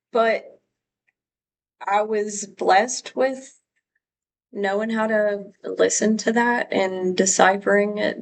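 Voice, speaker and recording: A woman's voice: medium pitch, poor audio. A woman from Louisiana hosting a live stream, chatting casually and rambling as she greets viewers by name.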